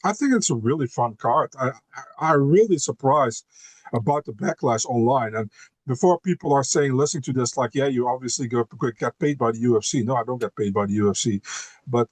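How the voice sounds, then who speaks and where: A man's voice: medium pitch, brisk, dry recording. Laid-back man chatting on a podcast. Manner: laid-back, repeats words, lots of "you know" and "man". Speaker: podcast guest, MMA co-host. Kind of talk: casual podcast chat.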